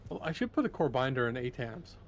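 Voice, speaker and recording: A man in casual gameplay chat as a co-player, relaxed and offhand, with lots of "like". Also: medium pitch, quick pace, slight background noise. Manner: relaxed, offhand, uses "like" a lot.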